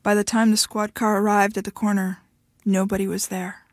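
A woman author reading her short fiction aloud in a measured storytelling manner. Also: mid-range voice, flat delivery, a little mellow, no echo, studio quality.

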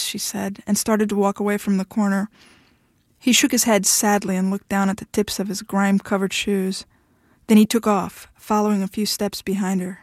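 Steady woman narrating a story. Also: medium pitch, moderate pace, no room sound, studio quality. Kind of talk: audiobook narration.

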